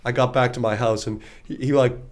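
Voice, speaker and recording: A man's voice: mid-range voice, fairly even intonation, fairly quick. A young man, co-hosting a podcast and telling stories in casual chat with friends, often laughing. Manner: laughing storyteller. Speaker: podcast co-host.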